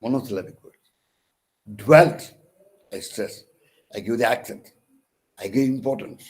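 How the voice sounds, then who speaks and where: On a rough recording, a man with an Indian English accent and a fairly low, fairly quick voice counsels distance learners on poetic meter. He scans verse aloud with restarts, repeats phrases, breaks off mid-word, and leans on "uh" and "okay."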